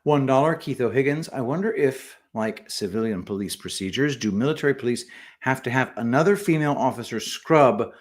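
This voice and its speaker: A man co-hosting a casual livestream, reading viewer messages aloud and adding quick remarks. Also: medium pitch, expressive. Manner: reads super chats aloud with quick asides. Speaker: co-host reading donor messages.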